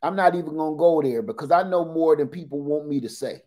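A man in his forties, a livestream host telling animated, joking stories in casual talk. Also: on the high side, quick pace.

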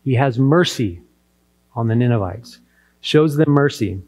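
A man's voice: mid-range voice, lively intonation, a little slow, a little mellow. A man preaching a sermon, retelling a parable and acting out the characters' lines. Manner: storytelling preacher who acts out the characters' quotes. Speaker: pastor.

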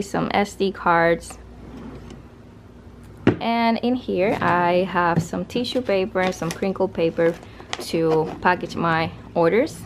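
A woman's voice: on the low side, noisy background. A woman casually narrating a tour of her home craft studio, chatting loosely with fillers and restarts.

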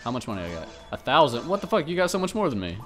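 A young man chats loosely through a gaming session, cracking jokes and swearing without a second thought. His voice swoops up and down a lot, sitting at a middle pitch. Game music plays quietly behind him. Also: very animated, rapid-fire. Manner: joking, swears casually, laughs often. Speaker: let's play co-host. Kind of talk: casual gaming chat.

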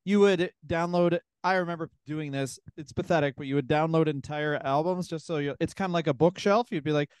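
A man with a smooth, clear, slightly high voice trades dry, mocking, profane jabs while co-hosting a comedic podcast. The sound is close and dead, with no room around it. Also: a little fast, hardly any pauses, dry recording. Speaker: podcast co-host. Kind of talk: casual comedic podcast chat.

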